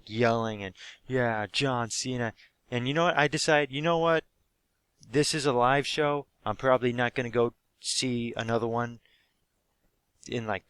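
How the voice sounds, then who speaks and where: Hoarse young man telling a rowdy story. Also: mid-range voice, no echo. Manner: animated storytelling, swears freely, acts out quotes. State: hoarse throat. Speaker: wrestling fan reviewing a live show. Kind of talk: casual excited recap.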